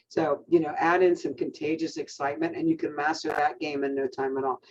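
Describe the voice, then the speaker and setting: Male team coach, energetic pep talk, higher pitch, muffled call audio. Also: brisk, a little hiss or hum. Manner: energetic, coaching, many fillers and restarts.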